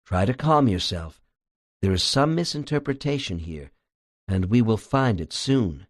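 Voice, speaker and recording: A calm therapist guiding a patient, read by a man in an audiobook. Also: on the low side, unhurried. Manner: calm, reassuring. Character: calm male hypnotherapist, reassuring.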